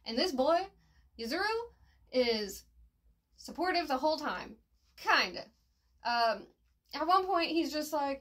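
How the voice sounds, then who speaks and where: Woman reviewer, chatty and slangy, fairly high voice. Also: lively intonation, unhurried, pauses often, fairly bright tone. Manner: slangy and chatty, with fillers and laughs at slips. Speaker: manga reviewer. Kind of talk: casual chat review.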